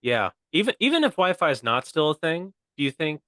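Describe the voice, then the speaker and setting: A man's voice: on the high side, big pitch swings, fairly quick, sharp tone, dry recording, studio quality. A young American man co-hosting a casual comedy podcast, playful and joking. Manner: joking, playful, fond of silly voices. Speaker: podcast co-host.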